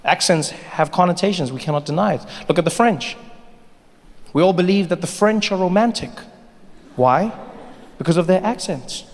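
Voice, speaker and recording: A man performing an animated stand-up comedy set who slips into playful voices. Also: high voice, moderate pace, long pauses. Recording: live hall with loud crowd.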